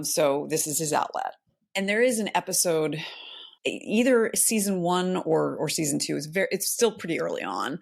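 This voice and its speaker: Low gravelly woman chatting casually. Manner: thoughtful, rambling with many fillers and restarts. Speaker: podcast co-host. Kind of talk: casual chat.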